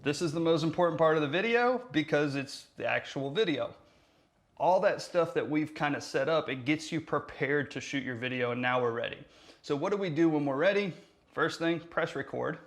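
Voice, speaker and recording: A man's voice: on the high side, normal speed. A man hosting a casual how-to tutorial on a lav mic, talking with energy and plenty of inflection. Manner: energetic, talks with his hands, lively inflection. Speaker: marketing tutorial host. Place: room with hard surfaces.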